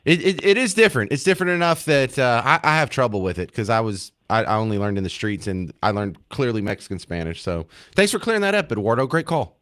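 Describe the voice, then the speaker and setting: An older man hosting a call-in radio show in a studio, loud and animated, with big swings in pitch. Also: fast talker, hardly any pauses. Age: older, has granddaughters. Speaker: radio talk show host. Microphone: studio microphone.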